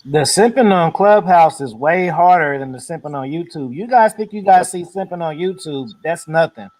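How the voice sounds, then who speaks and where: A man hosting a casual chat, talking in an animated, profane way and mocking others with quick impressions. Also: fairly high pitch. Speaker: host.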